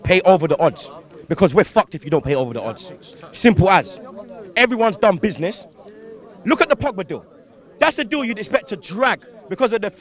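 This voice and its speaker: A young man, a football fan ranting outdoors after a match, heated and full of slang and swearing. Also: high-pitched. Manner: heated, swearing, slang-heavy, rhetorical questions. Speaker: fan interviewee. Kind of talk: angry post-match fan rant.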